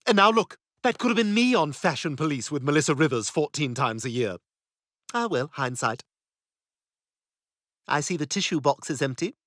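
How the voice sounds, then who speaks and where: A man's voice: mid-range voice, fairly bright tone, no echo, studio quality, lightly acted. An actor voicing a snobbish, catty toddler boy who talks in a pompous, sarcastic way.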